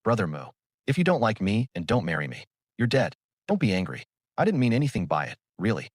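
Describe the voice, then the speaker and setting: A man's voice: lowish voice, wildly swooping pitch, a little fast, no echo, studio quality. Teasing young woman, voiced by a man. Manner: sweet and playful.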